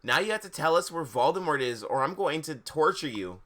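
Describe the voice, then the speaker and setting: Man putting on a goth teen girl, melodramatic, raised voice, bright tone. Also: on the high side, animated, fairly quick. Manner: overwrought, melodramatic. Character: loud dramatic goth teenage girl narrator.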